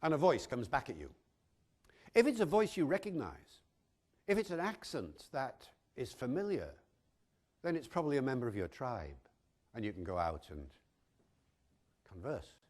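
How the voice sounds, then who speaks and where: A man's voice: medium pitch, sing-song, moderate pace, pauses often, a little mellow. A man from Wales, giving an educational talk full of rhetorical questions. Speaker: lecturer on language.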